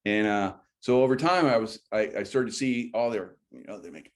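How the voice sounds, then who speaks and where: A man's voice: lowish voice, a little fast. A middle-aged man chatting casually on a livestream, rambling and often breaking off mid-sentence. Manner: rambling, chatty, self-interrupting. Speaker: livestream host. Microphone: phone or computer mic.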